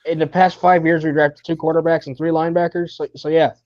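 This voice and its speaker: A man joining a livestream as a guest, giving quick, blunt opinions in casual chat. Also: on the high side, level tone, darkish tone, dry recording, highs cut off. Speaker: guest co-host.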